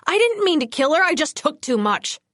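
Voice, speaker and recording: A desperate male vampire snarls threats through his teeth, his voice pitched up a touch, as a woman puts him on. The recording is dry and close. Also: sing-song, moderate pace, no echo. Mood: pleading. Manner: menacing then pleading. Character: cornered male vampire killer, hissing and desperate.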